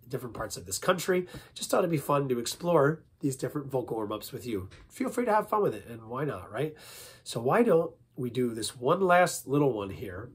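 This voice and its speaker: A man teaching a playful vocal warm-up lesson as a music teacher, upbeat and jokey, breaking into little sung snippets. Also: a little high, slightly rough.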